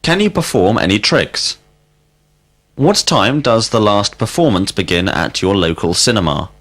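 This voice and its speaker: A man leads a scripted language drill in a slightly low voice. His pitch moves a lot as he calls out single words and asks questions slowly and deliberately. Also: animated, a bit bright. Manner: slow, deliberate questioning with clear word prompts. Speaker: teacher.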